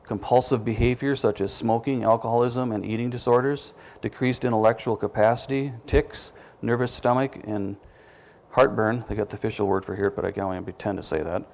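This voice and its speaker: Male preacher, gravelly, conversational sermon delivery that quizzes the congregation with questions. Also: mid-range voice, steady tone, brisk, darkish tone. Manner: self-deprecating asides.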